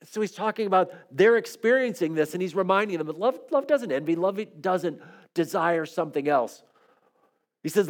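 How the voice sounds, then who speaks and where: Man preaching a sermon, slightly high voice. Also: lively intonation, moderate pace. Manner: storytelling, shifts between soft quiet phrases and raised emphatic ones. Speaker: pastor.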